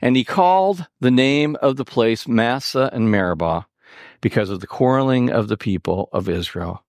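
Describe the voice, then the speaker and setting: A man preaching a sermon, animated and expressive, with sarcastic asides. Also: mid-range voice, moderate pace, no echo. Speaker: pastor.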